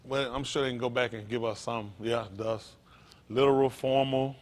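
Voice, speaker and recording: A man preaching an interactive sermon, calling out to his congregation in with a lively, animated manner. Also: medium pitch, moderate pace. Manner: animated, calls out to the congregation, folksy vernacular. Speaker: pastor.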